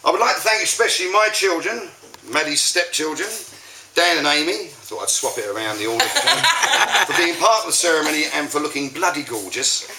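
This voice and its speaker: Groom doing his wedding speech, lively dry jokes, far from the mic in an echoey room with loud noise. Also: a little high. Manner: dry joke-telling, pausing for laughs.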